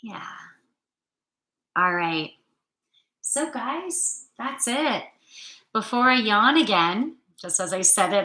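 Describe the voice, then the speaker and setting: Female card reader, upbeat and chatty, slow unhurried delivery, bright tone. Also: fairly high pitch, lively intonation, reverberant, low-quality recording. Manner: chatty, upbeat, loose and playful. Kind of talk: channelled weekly card reading.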